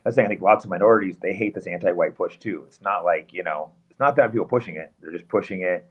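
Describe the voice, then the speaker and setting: A man guest in a casual political chat who talks quickly and agreeably, with lots of fillers, over a dull lo-fi line. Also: deep voice, husky.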